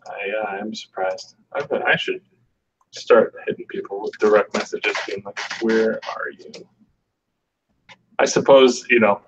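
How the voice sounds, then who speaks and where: A man hosting a casual online hangout, rambling and halting with lots of fillers. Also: on the low side, slight background noise. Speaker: host. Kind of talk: casual chat. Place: online video call. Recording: dull lo-fi audio.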